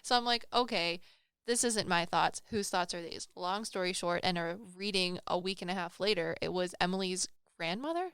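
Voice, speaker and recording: Brief: woman podcast co-host, rambling and self-deprecating storyteller, smooth voice, dry close mic. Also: lowish voice, moderate pace, a bit bright, no echo. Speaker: podcast co-host and psychic medium. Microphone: studio microphone.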